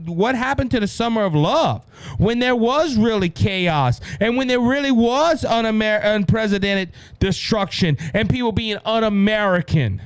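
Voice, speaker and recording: A man with a Cajun Louisiana accent hosting a solo political show, emphatic and repeating "ladies and gentlemen" with frequent restarts. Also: high voice, clean tone, dry recording. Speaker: political podcast host.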